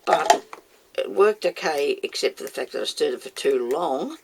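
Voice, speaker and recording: A woman's voice: sits low, animated, normal speed, vocal fry, slightly rough. A woman chatting casually as she demonstrates making moulds, talking herself through each step and scolding herself by name. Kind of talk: casual how-to video.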